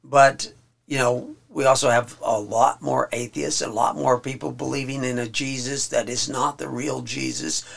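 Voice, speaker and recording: A man teaching a Bible study, reading verses aloud slowly and then explaining them in plain, halting talk. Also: medium pitch, steady tone, creaky.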